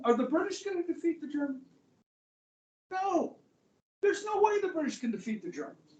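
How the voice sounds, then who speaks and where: A man teaching history to a class, loose and conversational, tossing in "okay" and "guys" as he goes. His voice sits high. It is picked up from across an echoey classroom. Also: expressive, normal speed, a little mellow, distant mic. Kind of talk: classroom lecture.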